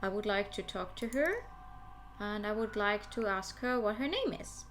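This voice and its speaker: A woman's voice: medium pitch, big pitch swings, moderate pace, a bit bright, slight background noise. A young woman streamer playing a story game, reading its text aloud and chatting about it between lines.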